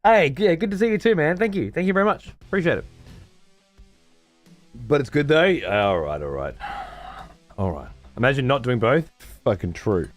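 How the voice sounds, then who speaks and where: This livestream host speaks in a fairly high voice, recorded dry. He chats casually with viewers from his bedroom at home, full of sarcasm and swearing.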